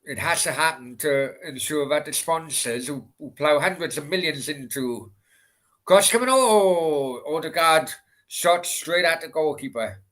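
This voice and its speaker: A man's voice: on the high side, moderate pace, sharp tone. A young man streaming a football watchalong, blunt and swearing at players while chatting with his viewers. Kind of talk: live match commentary and chat with viewers.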